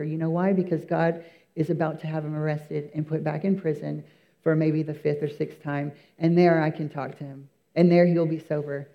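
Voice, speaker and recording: A man's voice: fairly high pitch, little pitch movement, measured pace, highs cut off. A man giving an earnest, emphatic church testimony, telling his story with many fillers and restarts.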